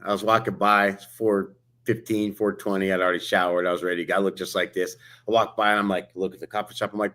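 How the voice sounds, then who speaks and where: A man's voice: lowish voice, fairly even intonation, fast talker, a bit bright. A man co-hosting a motivational podcast, telling stories with energy and acting out the dialogue. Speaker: podcast co-host. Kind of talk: motivational casual chat. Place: Las Vegas hotel.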